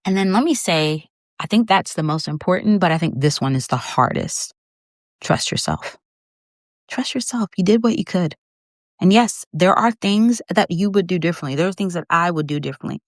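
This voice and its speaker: A woman's voice: fairly low pitch, expressive, fairly quick, dry recording, clean studio sound. A middle-aged woman hosting a faith-based podcast, talking heartfelt and conversational to her listener, holding back tears. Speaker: podcast host.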